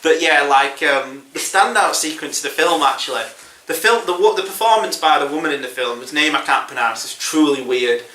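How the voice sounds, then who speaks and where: Film podcast host, male, slightly high, rambling chatty delivery with frequent chuckles. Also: animated, a little fast, bright, forceful tone, reverberant, recorded from a distance. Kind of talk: casual chat.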